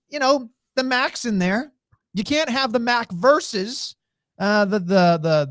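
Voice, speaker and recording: Male podcast co-host, rambling and stammering, lively pitch swings, dry mic. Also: no echo. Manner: rambling, stammering restarts, swears. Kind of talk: casual wrestling chat.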